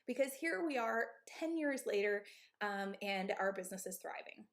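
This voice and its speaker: This is a woman in her thirties who runs a gym, speaking candidly to other owners on a live stream. She talks emphatically and checks in with her listeners often. Her voice sits at an ordinary middle pitch for a woman. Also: animated, normal speed. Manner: candid, emphatic, asks "okay?" and "right?" often. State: out of breath. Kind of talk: live-stream advice talk.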